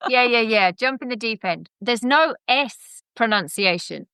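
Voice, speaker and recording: A woman's voice: a little high, animated, unhurried, sharp tone, clean tone, no room sound. A middle-aged woman with a London accent, a podcast guest who talks in a chatty, reflective way with frequent restarts. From England. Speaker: guest, education center founder. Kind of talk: casual podcast interview.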